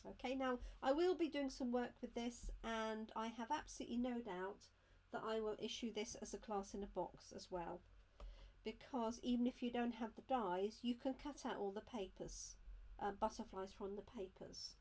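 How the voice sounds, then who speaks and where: At her craft desk, a woman with a voice on the high side and a darkish tone demonstrates craft supplies in a live unboxing, chatting and explaining each step as she handles items. She speaks at a moderate pace.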